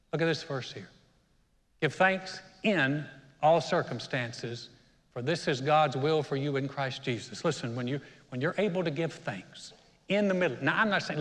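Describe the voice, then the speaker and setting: Pastor preaching in a reverberant church hall. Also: male voice, a little high, fairly bright tone. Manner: storytelling, self-deprecating, conversational preaching. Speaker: senior pastor. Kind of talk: sermon. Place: church auditorium.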